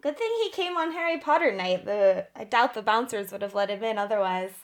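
A woman's voice: medium pitch, lively intonation, brisk. A woman taking part in a tabletop role-play game as a player, chatting and joking casually.

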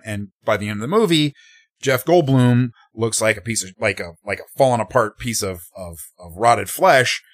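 Man, podcast co-host, casual movie talk, animated, acts out quotes, dry close sound. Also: mid-range voice, moderate pace, no echo. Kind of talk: casual film discussion.

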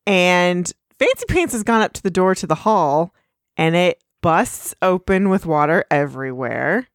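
A woman's voice: on the low side, expressive, measured pace, no room sound, clean studio sound. Woman casually recapping an episode. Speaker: podcast co-host.

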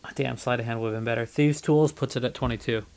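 A man's voice: mid-range voice, fairly even intonation, fast, darkish tone. A man playing a tabletop game, with a smug, playful delivery. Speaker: player. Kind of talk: in-character tabletop play.

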